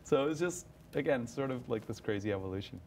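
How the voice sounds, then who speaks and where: A young man, an actor, chatting in an interview about his stage roles, animated, often laughing and restarting his sentences. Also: mid-range voice, fast, a little hiss or hum. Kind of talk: casual interview chat.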